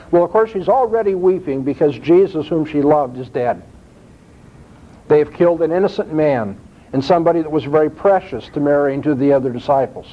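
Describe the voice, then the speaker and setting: Man preaching in a dull, lo-fi recording. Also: a little high. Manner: expressive, rising emphasis when quoting scripture. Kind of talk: sermon.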